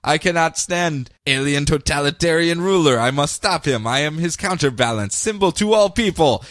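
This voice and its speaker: A man's voice: fairly high pitch, animated, normal speed, fairly bright tone, no room sound, clean studio sound. A man putting on a clipped freedom fighter. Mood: earnest. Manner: clipped broken phrasing. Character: gruff male Russian freedom fighter in a fuzzy hat.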